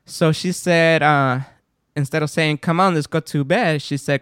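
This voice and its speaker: A man hosting a podcast, chatting casually and telling stories in an animated way. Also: fairly high pitch, moderate pace, clear, resonant tone, no room sound, studio quality. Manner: animated storytelling, lively intonation. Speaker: podcast host. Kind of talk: casual chat.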